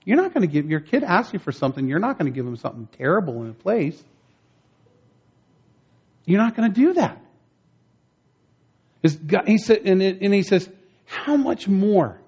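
A man's voice: high voice, very animated, moderate pace, long pauses, a little mellow, slightly rough, lo-fi sound. A man preaching a conversational sermon, telling stories in a folksy way and building up emphasis on his main points. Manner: folksy, storytelling, rising emphasis on key points.

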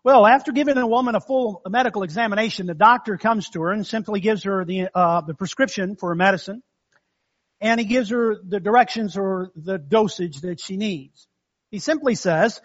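High-voiced folksy pastor. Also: male voice, normal speed, highs cut off. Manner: folksy, conversational, with call-and-response amens. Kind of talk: sermon.

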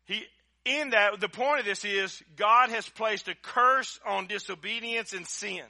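Male pastor, sermon, higher voice with a sharp, driving edge, folksy, swings loud to hushed. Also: measured pace, creaky. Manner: swings from loud emphatic preaching to quiet, close appeals; folksy, conversational, with direct address to the congregation. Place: church service.

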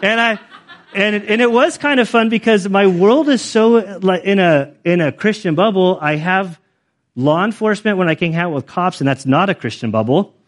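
Brief: middle-aged man, pastor, slightly higher-pitched voice, loose conversational sermon delivery with frequent filler words. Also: moderate pace. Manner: casual, conversational, many fillers like "like". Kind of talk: storytelling sermon.

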